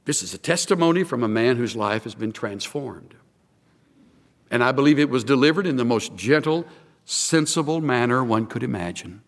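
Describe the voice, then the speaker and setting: A man's voice: medium pitch, animated, moderate pace, big-room sound. A male pastor preaching a sermon in an earnest, explanatory way.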